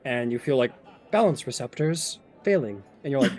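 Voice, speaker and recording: A man narrating a tabletop game as game master, casual and animated with many fillers. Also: mid-range voice, moderate pace, soft background music.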